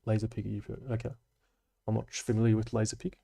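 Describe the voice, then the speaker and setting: A man's voice: lowish voice, completely flat delivery, fast talker, gravelly, mellow, breathy edge. A man with an Australian accent hosting a casual livestream, reading viewer comments aloud and answering them in a chatty, analytical way with dry asides and slang. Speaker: livestream host.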